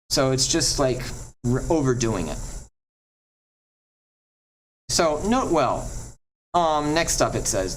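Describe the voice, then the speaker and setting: A man teaching a Latin pronunciation lesson at a board, chatty and encouraging, drawing out example words slowly. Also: mid-range voice, expressive, slight background noise, rough recording.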